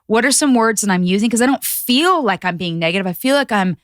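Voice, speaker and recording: A woman guest on a podcast, chatting casually and acting out quotes with lively voices. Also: mid-range voice, quick pace, no room sound, clean studio sound. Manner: animated storyteller acting out quotes. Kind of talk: casual chat.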